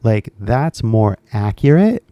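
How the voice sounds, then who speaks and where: Californian dude rambling on a live stream, lots of likes, dry close sound. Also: male voice, on the low side, big pitch swings, takes it slowly, clear, resonant tone, dry recording, muffled recording. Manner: rambling, drops in "like" and "you know" a lot. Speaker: English-teaching YouTuber on a live stream. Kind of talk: casual live stream chat.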